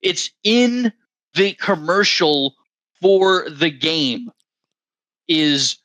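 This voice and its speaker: A man's voice: a little high, animated, very slow, bright, forceful tone, no echo, lo-fi sound. A young man co-hosting a podcast, rambling and joking in casual chat on a close mic. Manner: rambling, filler-heavy, joking. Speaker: podcast co-host.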